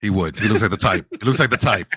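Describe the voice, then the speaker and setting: A man's voice: fairly low pitch, fast talker, a bit bright, breathy edge, no room sound. A man co-hosting a casual review podcast, talking animatedly and acting out scenes in quoted voices, often laughing. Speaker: podcast co-host. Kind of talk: casual chat, show review.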